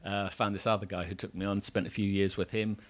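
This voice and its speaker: A middle-aged English actor, appearing as an interview guest, chats casually in a low, level voice. His speech halts often, with frequent restarts and offhand swearing.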